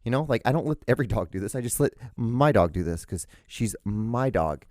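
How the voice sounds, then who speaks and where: Dark-voiced man rambling casually at home. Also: on the low side, lively intonation, a little fast, hardly any pauses, no room sound, clean studio sound. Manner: rambling, profane, frequent restarts and fillers; gushing affection for his dog. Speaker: podcast host.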